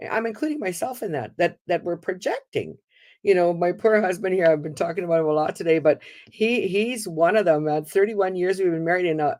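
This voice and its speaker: Give me a woman host telling personal stories with animated quoted voices. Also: fairly low pitch. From Canada. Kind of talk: storytelling in a community talk.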